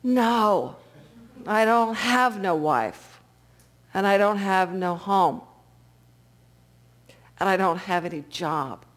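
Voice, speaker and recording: A woman voicing a belligerent drunk man on a train, speaking gruffly and defensively. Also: medium pitch, lively intonation, slow, pauses often. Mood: defeated.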